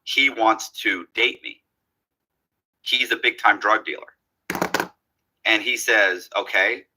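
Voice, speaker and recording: A man's voice: on the low side, takes it slowly, background noise. A man telling a long story in a casual way, acting out the lines of the people in it. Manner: animated, acts out quoted dialogue.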